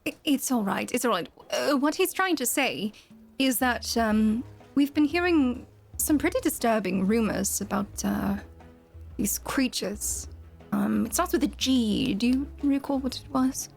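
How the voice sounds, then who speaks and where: A woman's voice: on the high side, animated, a little slow, creaky, soft background music. A woman playing a tabletop role-playing game, speaking in character in a polite, apologetic way with hesitant fillers. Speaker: player.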